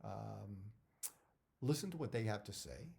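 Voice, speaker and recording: Man, middle-aged, actor, casual advice talk, rambling, repeats words, mellow tone. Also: fairly low pitch, animated, measured pace, creaky. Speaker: actor sharing career advice.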